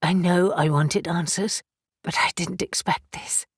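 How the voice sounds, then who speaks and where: A woman's voice: mid-range voice, unhurried, slightly rough, no echo. A shaken but determined middle-aged woman speaking in a tense, shaken way, voiced by a woman reading an audiobook. The sound is dry and close.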